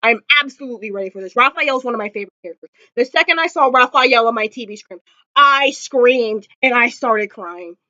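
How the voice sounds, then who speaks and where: Woman vlogger, casual gushing fan recap, high voice, dry slightly lo-fi home recording. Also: lively intonation, a little fast, sharp tone, no echo. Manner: gushing, emotional fan talk with many fillers; close to tears at times. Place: indoors at home.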